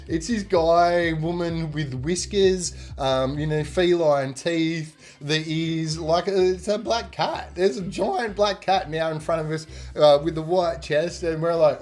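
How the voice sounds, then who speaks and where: A man's voice: fairly high pitch, a little slow, few pauses. A young man hosting a podcast, telling a festival story casually, acting out the voices and swearing freely. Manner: animated, acts out quoted voices, swears freely. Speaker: podcast host.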